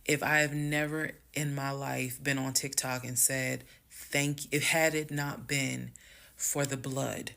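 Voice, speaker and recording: Woman, gravelly voice, casual storytime, emphatic, bursts of speed. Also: rumbling low, flat delivery. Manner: emphatic, swings loud and fast when heated; addresses viewers as "y'all". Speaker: storyteller recounting her marriage.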